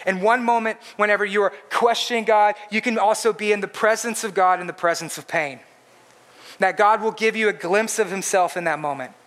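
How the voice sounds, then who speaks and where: A man's voice: sits high, fairly even intonation, fairly quick, fairly bright tone. A man preaching a sermon in an earnest, emphatic way, repeating his points for stress. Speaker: pastor.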